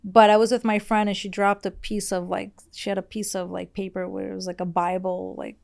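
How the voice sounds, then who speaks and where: A woman's voice: medium pitch, little pitch movement, a little fast, vocal fry, a little mellow. Woman from brazil on a podcast, chatty and blunt, rambles w lots of "like", swears freely. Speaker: podcast guest. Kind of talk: casual interview storytelling.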